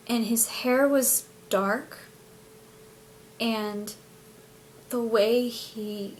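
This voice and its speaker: A woman telling a personal story in a casual, animated way, often hedging what she remembers. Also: a little high, a little hiss or hum. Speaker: spiritual channel host.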